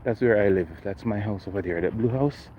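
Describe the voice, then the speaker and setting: On a residential street, a livestream host runs a casual walking vlog, chatting with viewers and greeting them by name. His voice is on the low side and fairly quick, and the audio sounds dull with slight background noise.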